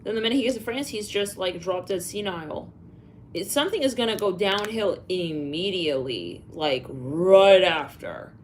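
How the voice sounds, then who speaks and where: A woman's voice: mid-range voice, animated, brisk, slight background noise. A woman doing a live psychic reading, musing aloud, spelling out letters and names, with sighs and fillers. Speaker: psychic reader.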